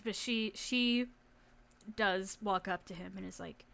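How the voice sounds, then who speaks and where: A woman narrating a tabletop game as game master, animated and casual with laughter and swearing. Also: medium pitch, unhurried, vocal fry.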